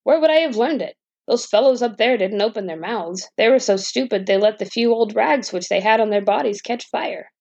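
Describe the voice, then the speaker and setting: A woman's voice: a little high, normal speed, creaky, darkish tone, no echo. A woman voicing a naive, fearless young man who talks bluntly and sounds puzzled. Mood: exasperated. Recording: dull dry lo-fi recording.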